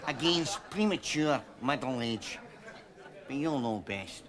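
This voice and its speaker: A man's voice: medium pitch, very animated, unhurried, a crowd in the background. A man with a Glaswegian accent playing a boastful, drawling sitcom character. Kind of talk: sitcom acting.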